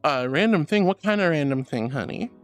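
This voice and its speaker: A VTuber streamer chatting with viewers live, affectionately calling them honey and sweetheart, moving between soft reassuring advice and high excited thanks. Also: brisk. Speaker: VTuber livestreamer. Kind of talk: casual livestream chat reading and pep talk. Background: faint music.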